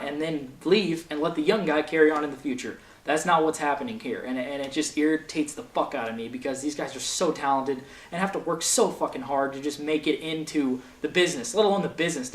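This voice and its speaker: A young man hosting a wrestling show, ranting with passion and heavy swearing in casual commentary. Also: on the high side. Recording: echoey room, faint noise.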